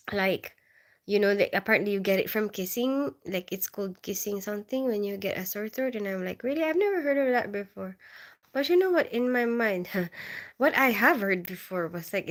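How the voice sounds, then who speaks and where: A woman's voice: medium pitch, a bit bright. Woman, from the Philippines, livestream host, casual chat, giggly, reads comments aloud. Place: bedroom.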